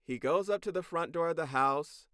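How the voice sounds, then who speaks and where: A man co-hosting a podcast, recapping a cartoon episode in a casual, sarcastic, animated way. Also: fairly high pitch, normal speed, dry recording, studio quality. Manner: animated, sarcastic storytelling with profanity. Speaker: podcast co-host.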